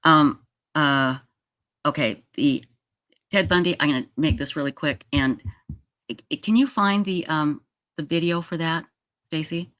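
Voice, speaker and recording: This is a Utah woman in her sixties spinning a long personal story for her livestream, chatty and rambling with plenty of restarts. Her low voice is fairly bright, unhurried, and full of pauses. The sound from her streaming setup mic is clean studio quality with no echo.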